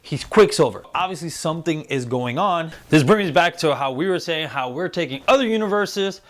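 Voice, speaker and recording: An excitable man hosting a casual spoiler review, retelling scenes with lively energy and slipping into quoted voices. His speaking voice sits a little higher than most men's. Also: brisk. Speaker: show host reviewing a TV series.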